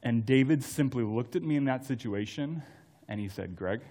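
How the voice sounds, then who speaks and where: A young adult man preaching a sermon in a casual, storytelling way, dropping to soft tones for emphasis. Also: mid-range voice, expressive, normal speed.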